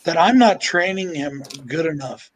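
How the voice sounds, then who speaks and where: High-voiced man ranting profanely. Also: lively intonation, normal speed, a little hiss or hum, rough recording. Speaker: livestream panelist. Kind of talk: casual group chat.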